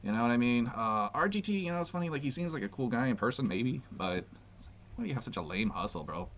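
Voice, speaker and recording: A man's voice: mid-range voice, lively intonation, fast talker, a bit bright. A man ranting in a brash, slangy way, saying "bro" often. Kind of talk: casual rant. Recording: dull lo-fi clip with faint noise.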